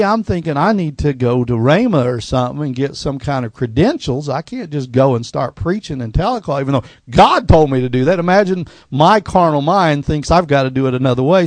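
A middle-aged man, a pastor telling his life story in a sermon, folksy and going quiet at the emotional parts. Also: fairly high pitch, no room sound. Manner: folksy storytelling, drops to a hushed voice at emotional points. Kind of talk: personal testimony sermon.

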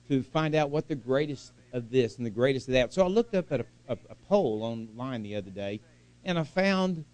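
A man's voice: on the high side, dark tone. A middle-aged man from the United States preaching a sermon in a folksy, chatty way, often asking the congregation questions.

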